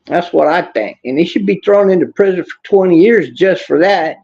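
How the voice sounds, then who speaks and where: Hosting a casual political livestream, a man rants bluntly and angrily, swearing and reading chat comments so he can talk back to them. His voice is high and gravelly with a darkish tone at normal speed, and the recording sounds muffled.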